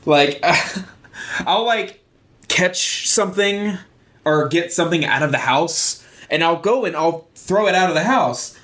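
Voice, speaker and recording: Podcast guy in his 30s, super lively voice, laughs a ton telling stories. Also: a little high, a little slow. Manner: laughs often, animated storytelling. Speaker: podcast co-host. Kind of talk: casual chat.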